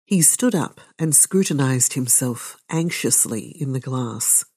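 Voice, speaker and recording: A woman reads a novel aloud for her podcast, then adds her own remarks. Her voice is low and mellow with a dark warmth. She takes her time, every line measured and unhurried. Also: animated, husky. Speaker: podcast host and reader. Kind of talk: reading a novel aloud with commentary.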